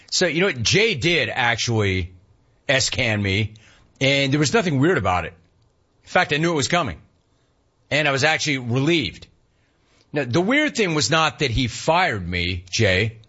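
A middle-aged man hosts a loose talk show and riffs wryly on listener messages. His voice is husky, sits at an ordinary male pitch, and comes through a dull, lo-fi recording. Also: bright, forceful tone. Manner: wry, playful, jumps between impressions and asides. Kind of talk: casual talk show banter. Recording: dull lo-fi sound.

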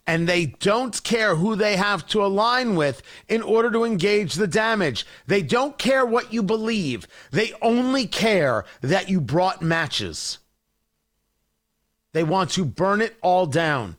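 A man's voice: high-pitched, expressive, slow pace, fairly bright tone. A man hosting a talk radio show, delivering a combative, mocking political monologue.

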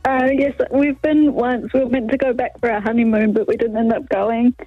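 A tearful, giggly woman caller with a high voice. She comes through a dull, muffled phone line, dry and close. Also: steady tone, a little fast, no room sound. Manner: giggly, emotional.

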